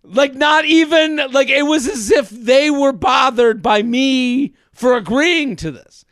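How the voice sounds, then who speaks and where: A man in his thirties hosting a podcast, telling a comedic story in an animated way and acting out other people's lines. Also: very high voice, takes it slowly, dry recording, studio quality. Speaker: podcast host. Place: studio.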